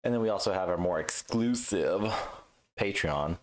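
A man's voice: sits low, lively intonation, normal speed, slight background noise. A man co-hosting a podcast in casual chat, blunt and teasing, swearing freely. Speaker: podcast co-host.

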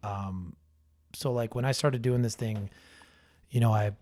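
A man's voice: mid-range voice, steady tone, a little slow, a little mellow. A man in his thirties chatting casually as a podcast guest, loose and profane, full of fillers and restarts. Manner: laid-back, heavy swearing, lots of fillers. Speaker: brewery owner guest.

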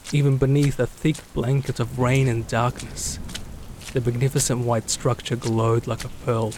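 A man narrates a drama in a steady, level voice with little rise and fall. A clear background noise runs beneath him. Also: medium pitch, normal speed. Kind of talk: scripted narration.

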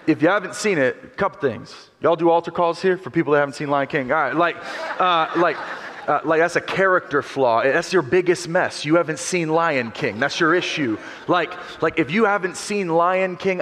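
A man's voice: a little high, fairly bright tone, long reverb tail, slight background noise. A man preaching a sermon as a pastor, emphatic and joking as he tells a story, in a church.

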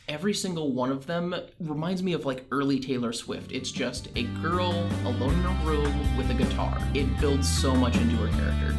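A man co-hosting a podcast, analysing animated films in a measured, structured way. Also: mid-range voice. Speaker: podcast co-host.

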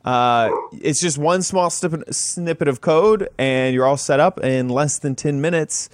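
A man's voice: on the high side, unhurried, dry recording. A man hosting a casual podcast, talking with many fillers and restarts and reading an ad for the show. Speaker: podcast host. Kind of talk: casual podcast chat with read ad.

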